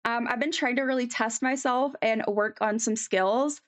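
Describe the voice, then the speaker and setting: A woman's voice: fairly high pitch, normal speed. A woman chatting casually on a live stream as she draws, rambling with many ums and answering chat.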